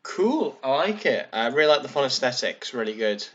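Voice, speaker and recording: A man's voice: mid-range voice, sing-song, moderate pace, fairly bright tone, dull audio, a little hiss or hum. Hesitant man explaining at length. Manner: hesitant, many ums and restarts. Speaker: podcast co-host. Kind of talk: casual explanatory chat.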